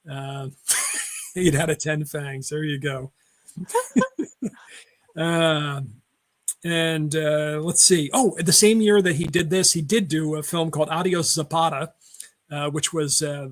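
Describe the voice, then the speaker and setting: Rambling man with fillers, raised pitch. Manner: rambling, many fillers and self-corrections. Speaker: podcast co-host. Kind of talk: casual film chat.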